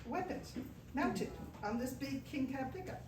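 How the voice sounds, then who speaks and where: A woman's voice: sits high, measured pace. A woman telling a travel story to a live audience, acting out the dialogue with lots of animation. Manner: animated, acts out quoted dialogue. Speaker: guest speaker telling travel stories. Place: event room with a small audience. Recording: roomy, distant mic, faint noise.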